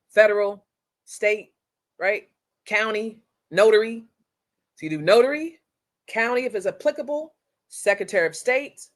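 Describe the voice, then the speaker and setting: Through a computer mic, a woman with a mid-range voice hosts a casual live-streamed training session as its course instructor. She talks directly to viewers in a chatty, energetic and slangy style.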